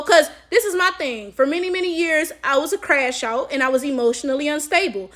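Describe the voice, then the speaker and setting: A woman with a high, light voice tells a story to her viewers in casual vlog style. She talks with emphasis and swears freely. She keeps checking in with her audience with a quick "right?". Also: fairly bright tone. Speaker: chess coach and vlogger.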